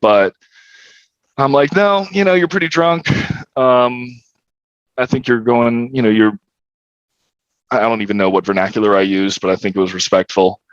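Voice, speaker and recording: A man's voice: lowish voice, level tone, moderate pace, long pauses, no room sound, dull audio. A young man, a podcast guest, telling a story in a candid, profane, wry way. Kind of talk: casual storytelling.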